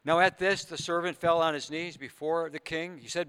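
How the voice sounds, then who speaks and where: A man's voice: a little high, steady tone, moderate pace, few pauses, bright, forceful tone, smooth. A man preaching a sermon as a pastor, retelling a parable earnestly with conversational asides to his listeners.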